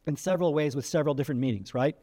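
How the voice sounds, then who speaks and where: A man's voice: fairly high pitch, rapid-fire, mellow, big-room sound. A man giving career advice to camera, talking casually with frequent asides and demonstrating ways of using the voice. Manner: demonstrates vocal techniques, shifts emphasis and volume; conversational, frequent "right?" asides and restarts. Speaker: career coach.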